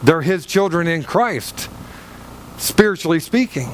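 A man's voice: fairly high pitch, animated, measured pace, slight background noise. A male pastor preaching a sermon in a church, firing rhetorical questions with dramatic swings in his delivery.

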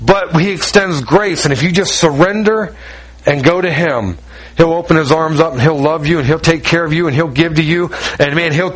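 A man's voice: on the high side, a bit bright, breathy edge, low-quality recording. A man preaching a sermon, retelling a story in a folksy, emphatic way with lots of repetition and direct asides to the congregation.

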